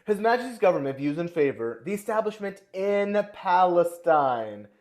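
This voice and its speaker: A pompous official with a put-on mock-British accent reads out a letter in a stiff, overdone formal manner, as a man hams it up. The voice sits a touch higher than his usual talk and its timbre is altered. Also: big pitch swings, normal speed, a little mellow. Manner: stiff, exaggerated formal reading.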